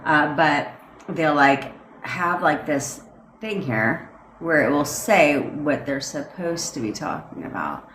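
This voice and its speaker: A woman's voice: low voice, expressive, slow pace, a bit bright, reverberant, slight background noise. A woman who coaches manifestation, chatting casually on a livestream and reading out comments, with a lot of swearing, rambling asides and frequent laughter. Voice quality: profane, rambling, laughs often.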